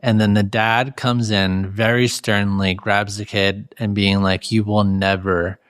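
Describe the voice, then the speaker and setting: A man's voice: fairly low pitch, little pitch movement, unhurried, a bit bright, clear, resonant tone, no echo, studio quality. A man hosting an interview, asking thoughtful, somewhat hesitant questions. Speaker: podcast host. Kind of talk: conversational interview.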